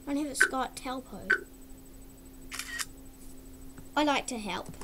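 A woman's voice: high-pitched, brisk, very noisy. A woman vlogging casually at her computer, exclaiming, giggling and humming along, recorded through a webcam mic. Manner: giggly, exclaims often, hums and sings along.

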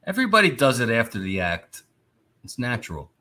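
A man joking crudely as a guest on a casual stream chat, deadpan and teasing. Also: medium pitch, fairly quick.

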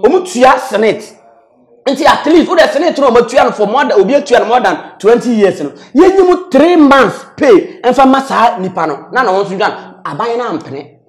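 A man with a Ghanaian accent delivers heated political commentary in a notably high voice. He switches between Twi and English, hammers points home by repeating words, and laughs mid-sentence. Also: sing-song, fairly quick, few pauses. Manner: mixes Twi and English, repetitive emphatic phrases, laughs while talking. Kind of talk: animated political talk.

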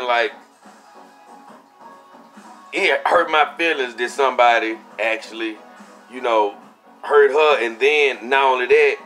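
A young man casually telling a story for his vlog, animated and profane, acting out what he said at the time. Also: mid-range voice. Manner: animated, profane, acts out his own quotes. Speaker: vlogger.

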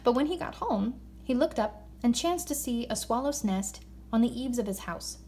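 A woman reading a children's story aloud in an expressive voice, slowing down for emphasis. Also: on the high side, a little hiss or hum. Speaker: narrator.

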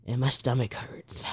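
A man narrates a game recap in a loose, off-the-cuff voice. His delivery is chatty and teasing, and he is quick to break into mock laughter. His pitch sits at an ordinary middle level for a man. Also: a little mellow. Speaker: gaming video host. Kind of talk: casual gameplay commentary.

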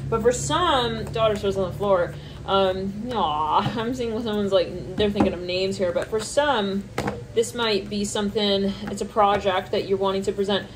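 A woman's voice: normal speed, noisy background. A woman doing a channeled tarot reading, thinking aloud between card names, laughing often and squealing when she quotes people. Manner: squeals high-pitched reactions when quoting people. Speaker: tarot reader.

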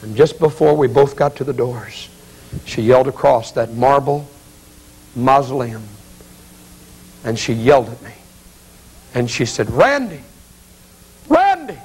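A man preaching as an evangelist in an auditorium, telling a story with acted quotes and building to loud, pleading appeals. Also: mid-range voice, fairly even intonation, measured pace, long pauses, husky, poor audio. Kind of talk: dramatic revival sermon.

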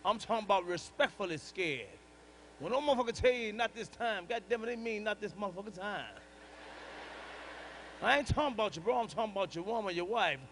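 A middle-aged man doing a stand-up comedy routine, telling a profane story loudly and punchily, repeating lines for effect. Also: high voice, expressive, a little fast, a little hiss or hum. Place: large live comedy venue.

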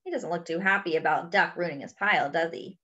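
A woman reading a children's picture book aloud, pointing out the pictures as she goes. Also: fairly low pitch. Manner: slow, animated, pointing out pictures. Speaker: storyteller. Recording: dull lo-fi recording.

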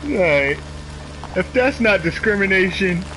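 A man's voice: sits high, takes it slowly, a little hiss or hum, rough recording. A man streaming a game, trash-talking in loose, profane commentary. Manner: profane, animated trash talk. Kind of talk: live gameplay commentary.

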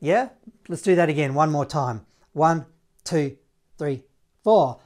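A man's voice: on the high side, slow, darkish tone, faint music behind. An upbeat man teaching a casual saxophone lesson, playful and singing out the notes. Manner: upbeat, playful, sings note sounds.

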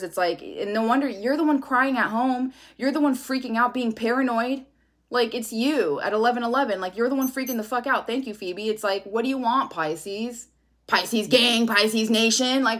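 A woman's voice: fairly high pitch, fairly bright tone. A woman giving a casual tarot reading, talking bluntly with lots of swearing and a sassy edge. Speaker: tarot reader.

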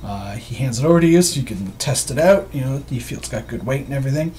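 A man's voice: mid-range voice, animated, quick pace, a little mellow, slight background noise. A man narrating a tabletop game as game master in a loose, chatty, laughing way.

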